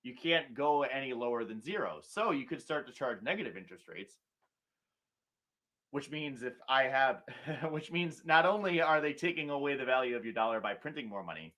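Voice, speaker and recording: A man's voice: mid-range voice, pushed and bright. A middle-aged man hosting a political talk show, ranting sarcastically and mocking politicians in put-on quotes.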